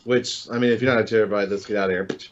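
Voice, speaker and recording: A man's voice: fairly low pitch, steady tone, very fast. Man, casual gaming podcast co-host, joking and laughing, slightly muffled audio. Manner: chatty, jokey, laughs often.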